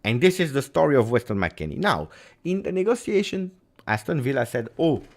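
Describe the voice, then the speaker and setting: A man hosting a football vlog, talking in an emphatic, theatrical way that jumps between loud and hushed. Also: mid-range voice, very animated, brisk, background noise. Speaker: football channel host. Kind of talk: animated football commentary vlog.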